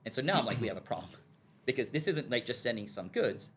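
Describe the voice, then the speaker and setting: A man telling a long story as a guest on a podcast, talking quickly with a lively, swooping voice. He acts out the lines of the people in his story and keeps asking "okay?" to check that his listener is following. When he gets excited he stumbles and repeats his words. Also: mid-range voice, a little hiss or hum.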